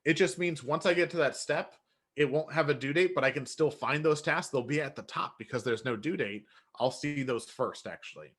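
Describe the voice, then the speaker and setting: A man explaining step by step how to build a workflow in software, relaxed and often correcting himself. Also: on the high side, moderate pace, breathy edge. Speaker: software trainer. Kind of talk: screen-share software tutorial.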